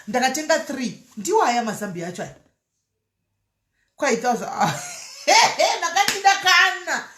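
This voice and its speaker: This woman speaks at a fairly high pitch, and the sound is roomy. On a laid-back live stream, she reads out comments from viewers and moves easily between Shona and English, with plenty of laughter.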